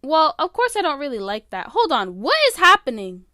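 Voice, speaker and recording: A woman's voice: high-pitched, big pitch swings, brisk, bright, forceful tone, no room sound, studio quality. A teenage girl hosting her own podcast, rambling casually with lots of fillers and open emotion. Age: late teens. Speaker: podcast host. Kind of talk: casual solo podcast chat. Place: her bedroom.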